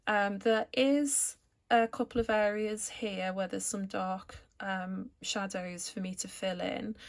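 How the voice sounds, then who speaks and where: A woman calmly explaining each step of a watercolour painting as she works, as an art tutor. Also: medium pitch, vocal fry. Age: adult, returned to art after school years. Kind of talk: painting tutorial narration while working.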